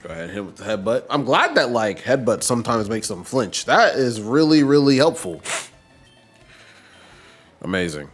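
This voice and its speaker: A man's voice: mid-range voice, lively intonation, moderate pace, long pauses, breathy edge, soft background music. A man streaming a game, chatting casually as he plays and talking to his team and viewers. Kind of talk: casual gameplay commentary.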